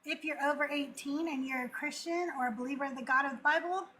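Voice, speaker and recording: A woman's voice: high-pitched, steady tone, quick pace, pushed and bright, a little hiss or hum, low-quality recording. A woman hosting a call-in show, chatting candidly and laughing as she tells personal stories. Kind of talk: casual livestream chat.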